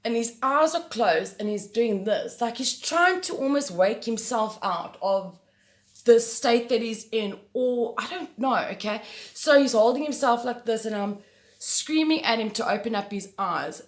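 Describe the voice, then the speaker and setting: A woman's voice: fairly high pitch, a little slow, reverberant. A woman vlogger casually and emphatically telling a story to the camera. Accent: South African. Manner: animated, emphatic, swears mildly.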